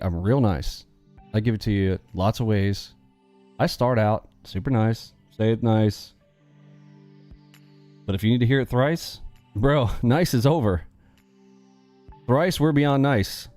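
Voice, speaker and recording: A man's voice: medium pitch, a little mellow. Blunt, ranting male stream host. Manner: blunt, preachy, laughs often. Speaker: live trading stream host. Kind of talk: casual livestream rant.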